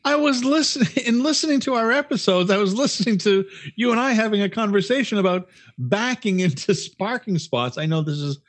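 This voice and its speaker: A man's voice: high-pitched, expressive, a little fast. A man co-hosting a podcast, telling stories in casual chat, swearing often and restarting his sentences. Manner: profane, rambling storyteller with restarts. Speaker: podcast co-host.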